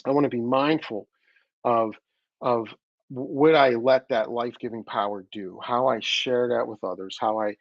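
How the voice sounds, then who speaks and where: A man gives an earnest, searching talk and stumbles into restarts as he thinks aloud. His voice has a gravelly rasp. The sound is close and dry but a little dull and lo-fi. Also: mid-range voice, fairly even intonation, normal speed, dry recording. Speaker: host. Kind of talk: reflective weekly talk.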